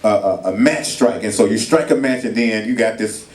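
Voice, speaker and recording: A man's voice: fairly low pitch, moderate pace. A man preaching at a marriage retreat, telling stories in a casual, colloquial way with acted voices. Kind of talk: sermon. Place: hall at a church retreat. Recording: echoey room, mic far off.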